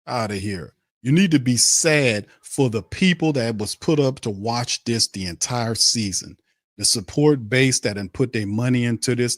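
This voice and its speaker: A man hosts a sports podcast in a heated rant. He is blunt and profane and hammers his points home again and again. His middle-pitched voice sits in a dry, close recording. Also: fairly bright tone, no room sound.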